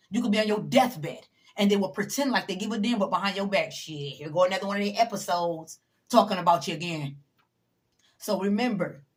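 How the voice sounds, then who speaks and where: A woman talks straight to the camera with a motivational message. She is blunt and emphatic, swears freely, and lectures the viewer directly. She sounds a little tired. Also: mid-range voice. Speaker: motivational vlogger. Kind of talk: casual motivational talk to camera.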